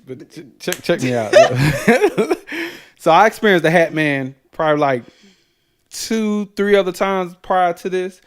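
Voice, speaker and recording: A man's voice: high-pitched, sing-song, measured pace. A man co-hosting a radio show in casual chat, laid-back and chuckling. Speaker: co-host.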